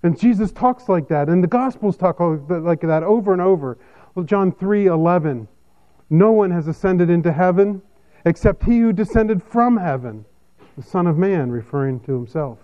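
Pastor, male, somewhat high voice; measured expository sermon delivery, lo-fi sound. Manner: measured expository preaching, lively pitch swings.

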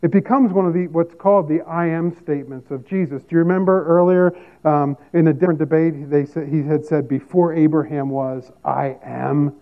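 A man's voice: fairly high pitch, steady tone, normal speed, hardly any pauses. A man preaching a sermon as a pastor, teaching emphatically and repeating key phrases. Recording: tinny phone-like sound.

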